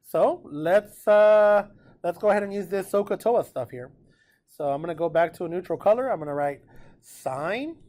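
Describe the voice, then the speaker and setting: A man teaching a precalculus class in a relaxed, chatty way, often checking in with his students. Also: high voice. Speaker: math teacher. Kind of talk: classroom lecture recorded with notes.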